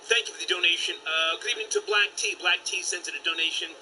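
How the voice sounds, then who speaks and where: A man hosting a live call-in stream, bantering loudly and cursing freely. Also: high-pitched, quick pace, a little hiss or hum, rough recording. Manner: loud brash banter with profanity. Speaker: host.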